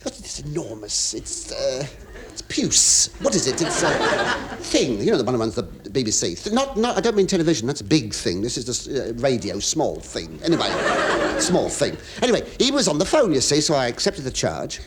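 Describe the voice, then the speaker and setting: Rambling, stammering English comedian. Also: male voice, medium pitch, wildly swooping pitch, normal speed. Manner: rambling, stammering asides and confiding patter. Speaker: comedian and show host. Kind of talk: stand-up comic monologue to a studio audience. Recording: hissy 1970s radio recording.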